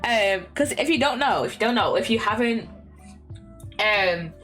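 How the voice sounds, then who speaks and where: A young woman chats casually on a stream from her bedroom, rambling with fillers, restarts and little laughs while faint lo-fi music plays. Her medium-pitched voice is lively in intonation, a little slow, and somewhat bright.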